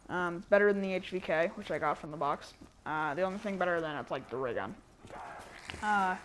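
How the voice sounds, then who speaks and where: A woman's voice: mid-range voice, a little hiss or hum. Woman rambling through a game walkthrough. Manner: rambling, self-correcting, with many fillers; even and unhurried, near monotone. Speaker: gameplay guide narrator. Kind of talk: casual game walkthrough commentary.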